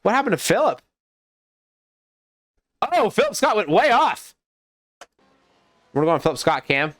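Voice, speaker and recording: A young man casting a sim racing league live, chatty and excitable, talking to his co-caster and to the chat. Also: high voice, a little slow, no room sound, studio quality. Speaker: race caster.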